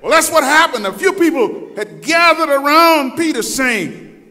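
A high-pitched, lively male preacher delivers a slow, theatrical sermon in a big reverberant church. He acts out the people in his story and swings from booming intensity to hushed asides. His voice is bright and cutting. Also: faint music behind. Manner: swings from loud to soft. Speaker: pastor. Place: church sanctuary. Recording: long hall reverb.

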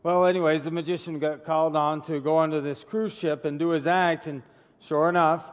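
Male pastor, casual chatty sermon style, fairly high voice, long church reverb. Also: fairly even intonation, a little fast, clear, resonant tone, lo-fi sound. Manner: chatty, asks the congregation questions. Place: church sanctuary.

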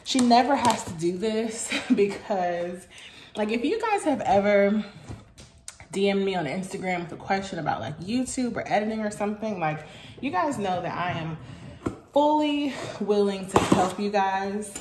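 Woman vlogger, unhurried but gushing, roomy echo, faint hiss. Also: mid-range voice. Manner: gushing and excitable, many "oh my gosh"s. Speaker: beauty vlogger. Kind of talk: casual vlog chat. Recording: echoey room with faint noise.

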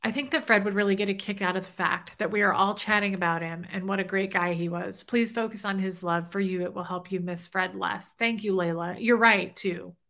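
A woman's voice: medium pitch, fairly even intonation, brisk, creaky, hardly any pauses, sharp tone. A middle-aged woman hosting a casual livestream, talking openly and emotionally while reading viewer comments. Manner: heartfelt, openly emotional, chatty. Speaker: livestream host.

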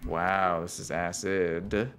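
A man's voice: low voice, fairly even intonation, takes it slowly, over music. A man streaming a horror game, talking to his chat as he plays, reacting with swearing and laughter. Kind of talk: casual gaming commentary.

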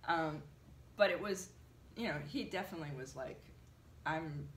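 A woman being interviewed, telling an animated story with lots of fillers. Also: fairly low pitch, fairly quick, echoey room, a little hiss or hum. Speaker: translator, interviewee. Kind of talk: conversational interview.

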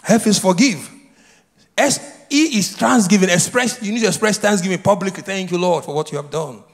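A man's voice: high-pitched, brisk. A man preaching a sermon as pastor, leading the congregation in call and response with repeated questions and answers. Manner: repetitive, prompts congregation to answer. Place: church sanctuary. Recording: long hall reverb.

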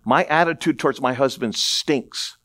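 A middle-aged male pastor preaches a sermon at a moderate pace, conversational and full of asides and rhetorical questions. He swings between low murmurs and excited, raised passages.

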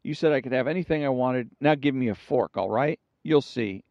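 An insistent, defiant hunter , as a joke teller puts him on, in a plain man's voice with a middle pitch. He is pushy and sure of his plan. The sound is muffled and dry. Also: brisk, no echo, natural voice. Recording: dull, dry recording.

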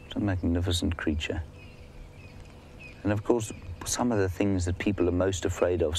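Deep-voiced male safari guide. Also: darkish tone, a little hiss or hum. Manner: chatty, explanatory, addresses viewers by name. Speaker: safari guide and live host. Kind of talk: live safari commentary answering viewers. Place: outdoors in the bush. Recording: faint outdoor ambience behind.

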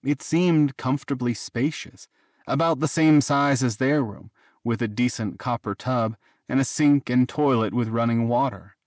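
A man reading a fantasy romance audiobook in a measured, even narration. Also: mid-range voice, no room sound, clean studio sound. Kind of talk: scripted narration.

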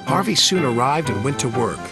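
A male narrator telling a children's storybook with a gentle, expressive delivery. His pitch moves a lot, and music plays underneath. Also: fairly quick. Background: background music.

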